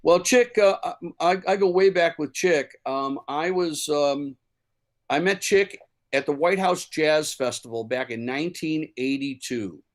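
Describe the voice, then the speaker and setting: Man, slightly high voice, chatty storyteller, lots of ums and restarts, casual interview over a video call. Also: measured pace. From Chicago. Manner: chatty, many fillers and restarts. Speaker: guest musician.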